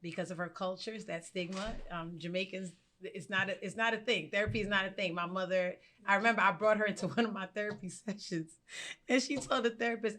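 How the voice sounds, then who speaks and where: A woman with a bright, forceful tone speaks as a teacher on a live panel. She tells personal stories earnestly and brings in lively quoted remarks. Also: mid-range voice, brisk, slight background noise. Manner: earnest, storytelling, animated quotes.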